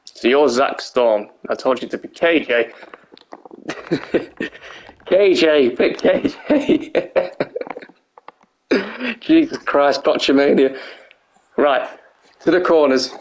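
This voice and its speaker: A young man commentating a wrestling video game on a live stream, excitable and tired, laughing and swearing often, his voice hoarse. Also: on the high side, slow, long pauses.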